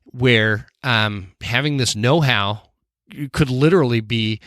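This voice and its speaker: A man's voice: mid-range voice, slow pace, a bit bright, no echo, clean studio sound. A man hosting a podcast, talking earnestly and often restarting his sentences. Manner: earnest, with frequent restarts and fillers. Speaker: podcast host. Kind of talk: casual podcast conversation.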